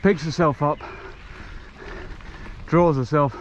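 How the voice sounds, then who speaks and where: Slow-talking middle-aged man on a bike trail. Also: a little high, steady tone. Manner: chatty and self-mocking, breaks off for jumps. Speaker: mountain bike vlogger. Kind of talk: casual talk while riding. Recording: dull lo-fi sound, faint outdoor noise.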